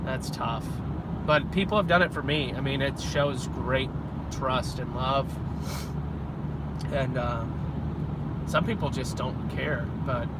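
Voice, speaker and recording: A man's voice: mid-range voice, slow, long pauses. A young man vlogging in a vehicle, musing aloud in a digressive, self-interrupting way. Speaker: Christian vlogger. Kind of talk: rambling casual monologue. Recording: loud road noise. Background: loud vehicle and road noise.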